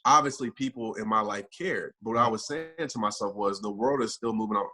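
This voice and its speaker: A man appears as a podcast guest and motivational speaker, reflecting earnestly on his own experiences in interview conversation. His lowish voice has a sharp edge and runs a little fast.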